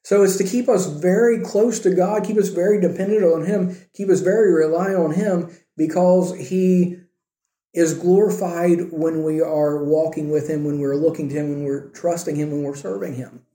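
A man's voice: a little high, fairly even intonation, moderate pace, dark tone. A pastor preaching a sermon in a conversational way, often asking his listeners rhetorical questions. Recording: roomy echo.

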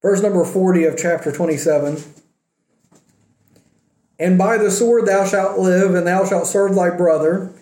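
A man with a high, mellow voice teaches from the Bible in a relaxed way, retelling the story with dry humor and quoted voices. The room around him rings with a noticeable echo. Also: unhurried, long pauses.

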